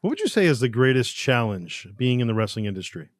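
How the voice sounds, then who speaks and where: A man hosting a podcast with a middle-pitched voice recorded dry and close. He asks easygoing questions and keeps his replies short. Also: sing-song, quick pace, no echo. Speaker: podcast host. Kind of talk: casual podcast interview.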